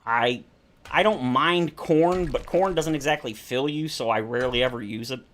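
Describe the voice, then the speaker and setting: A man's voice: medium pitch, normal speed, a bit bright. A man streaming a survival game, chatting casually in rambling, self-correcting tangents. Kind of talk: casual chat while playing a survival game.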